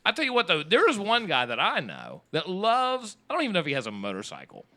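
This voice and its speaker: A man's voice: high-pitched, huge pitch swings, fast talker, sharp tone. A man hosting a casual podcast chat, joking and rambling with his co-hosts.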